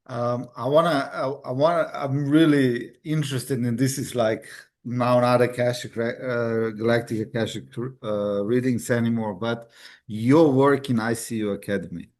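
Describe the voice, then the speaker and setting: Male host, relaxed filler-heavy chat, average pitch. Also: normal speed. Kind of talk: casual interview.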